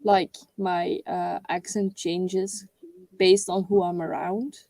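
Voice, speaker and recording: A woman's voice: lowish voice, level tone, slow pace, mellow, no room sound, rough recording. A woman from the Netherlands with a Dutch accent, chatting casually and bluntly with friends on a live stream, laughing often. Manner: laughing, blunt, says "like" a lot. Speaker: booktuber live chat co-host. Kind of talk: casual chat.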